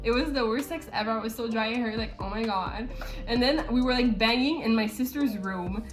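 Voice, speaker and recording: Young woman, casual chat, profane, laughing, high-ish voice, light music under. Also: a little fast. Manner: profane, laughing, animated storytelling. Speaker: vlogger.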